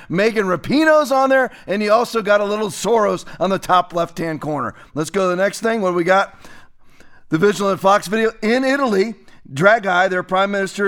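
Mocking guy doing political commentary, kinda high voice. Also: a bit bright. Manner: sarcastic, mocking. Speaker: commentary show host.

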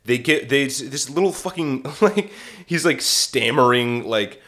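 A man's voice: medium pitch, measured pace. A man co-hosting a comedy podcast, swearing often and jumping into mock impressions while he tells stories. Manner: profane, animated, slips into mock impressions. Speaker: podcast co-host. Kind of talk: casual comedic chat.

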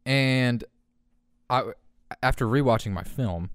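A man's voice: medium pitch, takes it slowly, fairly bright tone, smooth, dry recording, studio quality. A young man hosting his own podcast, rambling in casual profane talk and laughing at his own jokes. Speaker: podcast host. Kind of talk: casual solo podcast rant.

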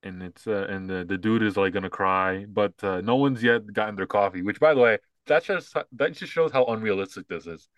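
A man co-hosting a casual podcast, giving opinions and mocking an ad, now and then quoting lines in a high put-on voice. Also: a little fast, hardly any pauses, no echo. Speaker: podcast co-host.

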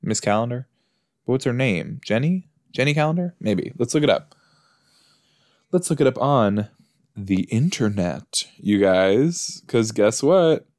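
This man's unhurried, expressive mid-range voice has a darkish tone. As a podcast host doing a watch-along of a TV episode, he keeps up chatty, joking commentary and answers the screen directly. The studio-quality sound has no echo.

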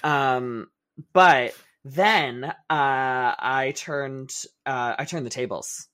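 A man's voice: medium pitch, very slow. A young man chats on his podcast, his voice in a middling register. He tells stories with gusto, swearing often and laughing his way through the punchlines. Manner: animated, profane storytelling with bursts of laughter. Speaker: podcast co-host. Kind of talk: casual chat.

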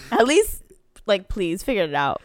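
A woman's voice: mid-range voice, wildly swooping pitch, normal speed, dry recording, clean studio sound. A young woman co-hosting a podcast in casual chat, talking candidly and laughing easily. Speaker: podcast co-host.

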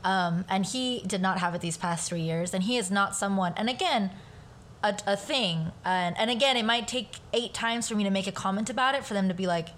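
A woman who speaks Spanish at home, a guest on a casual podcast, telling a family story in an animated way and swearing casually. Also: mid-range voice, brisk, a little hiss or hum. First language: bilingual, speaks Spanish at home.

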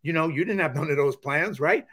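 A male podcast host muses aloud in a relaxed, encouraging way. His voice sits a bit higher than most men's. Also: brisk. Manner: reflective, encouraging. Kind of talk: casual interview chat.

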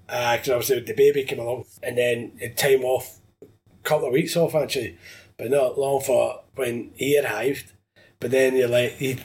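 A man's voice: mid-range voice, a little mellow. A young man in casual chat, swearing freely, laughing often and acting out phone calls. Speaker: metalwork business owner, guest.

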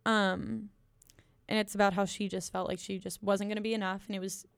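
A woman's voice: mid-range voice, flat delivery, fairly quick, gravelly, smooth, no room sound, clean studio sound. A young woman from the United States co-hosting a podcast, chatting casually about an album with frequent ums, likes and giggles. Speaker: podcast co-host reviewing an album. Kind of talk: casual chat.

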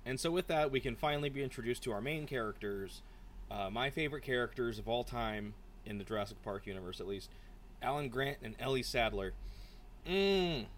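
A man co-hosting a casual book podcast, rambling and animated, slipping into quick impressions of characters. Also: medium pitch, a little hiss or hum. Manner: rambling, animated, mimics characters mid-story. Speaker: podcast co-host.

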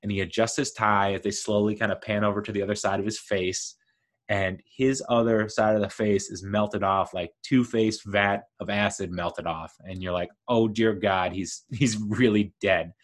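Man, podcast host, low-ish voice, enthusiastic, rambling monologue. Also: normal speed. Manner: enthusiastic, rambling, lively storytelling.

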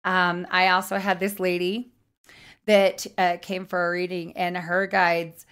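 A woman psychic guest in casual chat, telling stories in a lively way and acting out what people said. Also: on the low side, measured pace, clear, resonant tone. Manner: lively storyteller, acts out quotes.

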